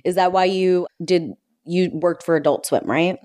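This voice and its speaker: A woman host with a low voice keeps the conversation loose and lively. She talks fast when excited and drops curse words without a second thought. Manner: chatty, animated, swears casually. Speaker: podcast host. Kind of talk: casual podcast conversation.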